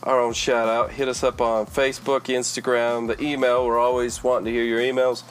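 A man's voice: mid-range voice, fairly quick, slight background noise. A man co-hosting a podcast, telling anecdotes and wrapping up the show in casual chat. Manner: relaxed storyteller, signs off the show. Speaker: podcast co-host.

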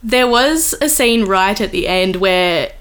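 A young woman co-hosting a casual podcast, giggly and animated when telling stories. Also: mid-range voice, takes it slowly, clear, resonant tone. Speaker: podcast co-host. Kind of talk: casual chat.

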